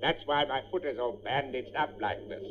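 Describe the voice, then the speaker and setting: A man's voice: medium pitch, moderate pace. A man in a candid radio comedy sketch, grumbling and ranting in a complaining way. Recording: dull old radio recording with faint hiss.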